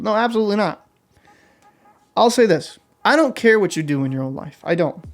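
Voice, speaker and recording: A man's voice: sits high, animated, brisk, long pauses. A young man hosting an opinion vlog, talking in a blunt, heated and combative way. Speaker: vlog host. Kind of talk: opinion commentary rant.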